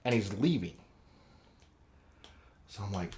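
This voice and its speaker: A man in casual conversation, telling a long story full of swearing and acted-out quotes. His voice sits in a middle pitch for a man. He talks loosely and animatedly, with plenty of filler. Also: lively intonation, normal speed. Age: adult with kids. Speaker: podcast co-host.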